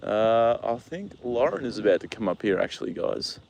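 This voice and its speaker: A young man from New Zealand talks casually on a livestream from a horse paddock, his voice sitting at an everyday middle pitch. He is relaxed and chatty, drops the odd swear word, and softens to coo at his horse between viewer comments. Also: normal speed, vocal fry, a little hiss or hum.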